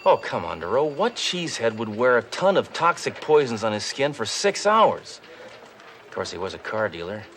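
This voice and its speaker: An actor playing a cocky, dimwitted police detective who talks in a gruff, blunt, deadpan way. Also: male voice, mid-range voice, moderate pace, a little hiss or hum. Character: tough, cocky, dimwitted male cop.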